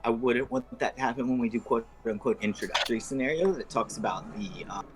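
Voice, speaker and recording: A man running an online tabletop game as game master, with a scratchy throat, halting and uneven in speed and volume. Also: medium pitch.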